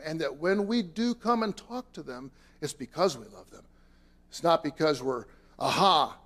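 A pastor delivering a sermon to his congregation in a fairly high voice. He talks earnestly and conversationally, stressing key lines loudly. He drops to quiet, softer asides. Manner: earnest, conversational preaching with sudden loud emphases and quiet asides.

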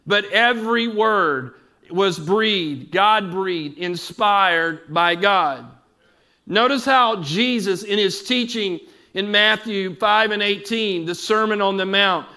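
A man preaching an evening Bible teaching, measured and explanatory, putting questions to his congregation. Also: sits high, pushed and bright. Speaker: pastor.

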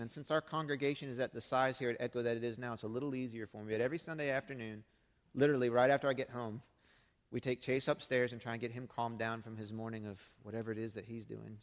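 A man's voice: mid-range voice, long reverb tail. A middle-aged man preaching a sermon as pastor, speaking conversationally and asking the congregation rhetorical questions. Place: church sanctuary.

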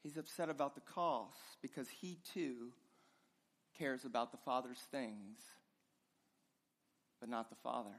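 A pastor preaching a sermon with passion, his voice swinging between loud and hushed. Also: mid-range voice, measured pace, long pauses. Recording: long reverb of a large hall.

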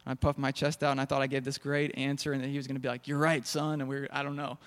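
A man's voice: mid-range voice, completely flat delivery, very fast, smooth. A young man preaching a sermon in a church hall, telling jokey stories. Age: young adult. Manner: storytelling, jokey.

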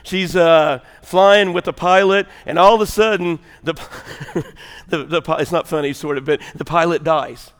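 A man's voice: a little high, steady tone, unhurried, smooth, big-room sound. A male pastor preaching a sermon in a rambling, joking way, speaking straight to his congregation. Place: large church hall.

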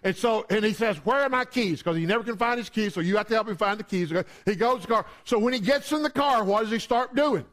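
High-voiced storytelling preacher man. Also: quick pace, few pauses, a bit bright. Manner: conversational, storytelling with humor. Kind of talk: sermon.

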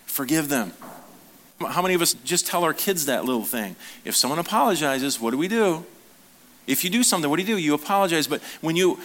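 A man's voice: on the high side, fairly bright tone. A man preaching a sermon as a pastor, talking casually with the congregation, asking them questions and briefly acting out the voices of the people he quotes.

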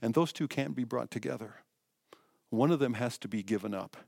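A male pastor delivers a sermon in an emphatic style that moves from loud to hushed. His voice sits in a middle pitch. The sound is dry and close, with no room echo. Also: brisk, vocal fry, breathy edge.

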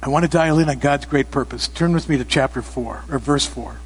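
A pastor preaching a sermon to his church, emphatic and often rising to loud exclamations. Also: mid-range voice, a little fast, breathy edge. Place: church sanctuary. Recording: long reverb of a church hall.

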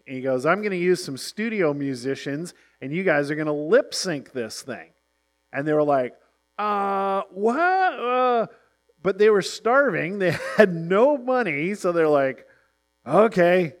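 Man, 40s, higher-pitched, animated storyteller who acts out the quotes. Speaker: presenter. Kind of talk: storytelling talk.

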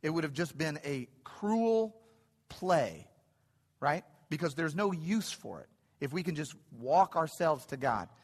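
A middle-aged man preaching a sermon in a church, animated and building to excited peaks, often repeating phrases. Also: fairly high pitch, measured pace, slightly rough. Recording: long hall reverb.

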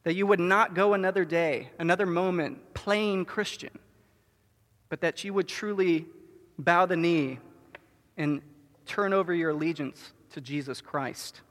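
A man with a high voice delivers an earnest sermon in a church sanctuary. He draws out key words and falls to a near hush for his most solemn appeals. His voice trails off in a long hall reverb. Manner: earnest preaching, drawn-out stressed words, softening to a hush. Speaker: pastor.

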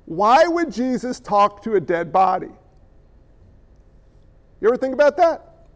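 Man, pastor, very high voice, animated sermon, quick asides to the congregation.

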